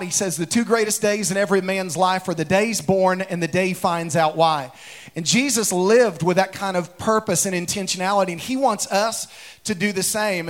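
A man preaching a sermon in a church, calling on the congregation to repeat phrases back to him. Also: high voice. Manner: energetic call-and-response preaching. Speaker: pastor. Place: church sanctuary.

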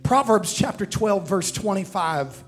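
A man's voice: high-pitched, animated, measured pace, a bit bright, faint music behind. A man preaching a sermon, calling out to the congregation to repeat after him and quoting scripture. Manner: preaching with call-and-response to the congregation.

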